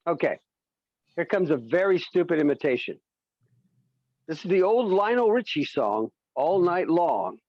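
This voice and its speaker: A man's voice: on the high side, big pitch swings, a little slow, pauses often, dry recording, dull audio. A man doing a stand-up comedy set, telling stories and slipping into silly voices.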